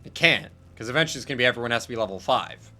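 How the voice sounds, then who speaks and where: A man hosting a casual let's-play, excitable and thinking aloud, who swears freely. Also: mid-range voice, racing, faint music behind. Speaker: gaming channel host.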